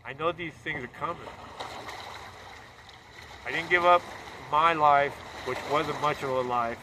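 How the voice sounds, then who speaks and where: A man's voice: medium pitch, bright, forceful tone, a little hiss or hum. A man delivering a fervent, preachy political monologue.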